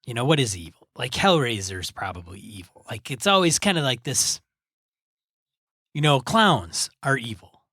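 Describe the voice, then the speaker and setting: A man's voice: mid-range voice, lively intonation, moderate pace, bright, forceful tone, dry recording, clean studio sound. A man co-hosting a gaming podcast, talking in a casual, rambling way. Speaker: podcast co-host. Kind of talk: casual chat.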